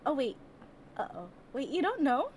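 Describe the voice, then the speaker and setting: A woman's voice: sits high, sing-song, moderate pace, a little hiss or hum. A woman voicing a sheltered young woman who answers hesitantly and a little cheekily. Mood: evasive.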